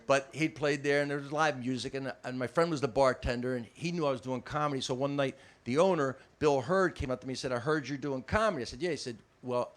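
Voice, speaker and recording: An older man from New Jersey telling a stand-up story, animated, laughing as he goes and shouting out the lines he quotes. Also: mid-range voice. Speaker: stand-up comedian.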